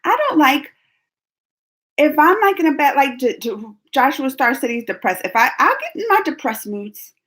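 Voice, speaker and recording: A woman's voice: high-pitched, moderate pace. A young adult woman hosting her channel, answering viewer questions in a casual, talkative way and laughing often. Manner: animated and talkative, laughs often, restarts sentences. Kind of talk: casual livestream chat.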